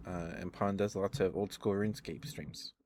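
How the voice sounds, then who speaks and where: A tired, worn-out man rambling softly and chuckling often, chatting sleepily to his stream viewers up close to the mic. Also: low voice, fairly even intonation, normal speed, a little hiss or hum. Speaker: ASMR streamer. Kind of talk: sleepy ASMR chat to live viewers.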